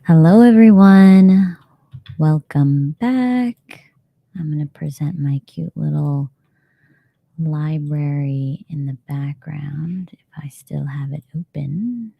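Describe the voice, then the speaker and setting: Her low, husky voice has vocal fry and moves slowly, in a muffled recording with no room sound. As host of a laid-back reading livestream, she chats with her audience, reads comments aloud, and often breaks into laughter.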